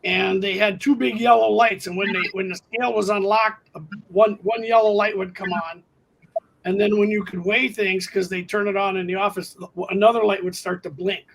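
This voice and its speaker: A man hosting a casual live chat about his model railroad, explaining things in a halting, rambling way with many restarts. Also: high voice, fairly even intonation, vocal fry, a bit bright, slight background noise, poor audio.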